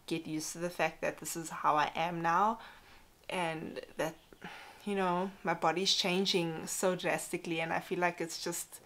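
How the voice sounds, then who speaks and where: A woman's voice: on the low side, steady tone, a little slow, fairly bright tone. A young woman talking candidly to camera in a casual personal vlog, chatty and full of "like" and "you know". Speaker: vlogger.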